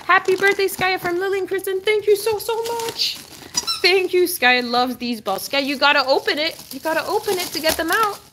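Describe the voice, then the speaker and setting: A young woman hosting a casual livestream, cooing and encouraging her dog and swinging up high when she praises it. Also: moderate pace, noisy background.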